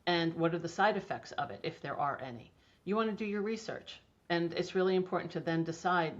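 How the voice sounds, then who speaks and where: A woman's voice: on the low side, fairly quick. Chatty middle-aged woman, dull audio. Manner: enthusiastic, chatty, many restarts. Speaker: homeopathy guest. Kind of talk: casual interview conversation.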